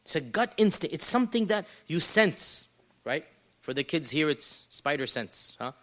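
High-voiced man teaching a Quran lesson. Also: moderate pace. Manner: animated, explaining, rhetorical questions. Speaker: Islamic teacher.

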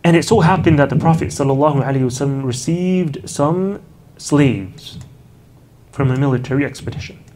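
In an unhurried lecture on early Islamic history, a man tells stories, often adding Arabic honorifics and casual "you know" asides. His voice is fairly high-pitched and a little mellow.

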